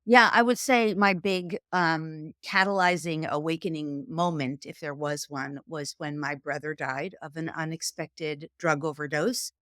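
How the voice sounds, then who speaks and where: A middle-aged woman from New York with a New York accent, telling her story as a guest in an animated, chatty way. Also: low-pitched, a little slow, few pauses, no echo, studio quality. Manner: animated, chatty, uses "like" often. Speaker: guest, psychic and spiritual teacher. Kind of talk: conversational storytelling.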